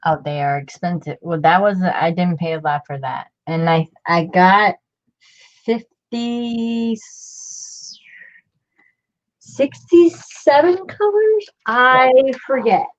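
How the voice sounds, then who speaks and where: Woman, craft host, casual chat, slow, rambling, lo-fi sound. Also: on the low side. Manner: rambling, self-interrupting, chatty.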